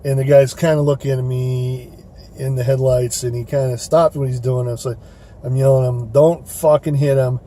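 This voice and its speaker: A man's voice: medium pitch, little pitch movement, brisk, dark tone, a little hiss or hum. A man telling a story in a casual, rambling way, with many fillers and restarts, recorded in his car. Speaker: rideshare driver vlogger.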